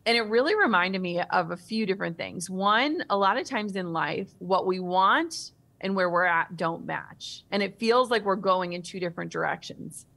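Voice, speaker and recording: A woman in her thirties, a guest author in an interview, telling a personal story in a vivid, animated way. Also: medium pitch, moderate pace, gravelly.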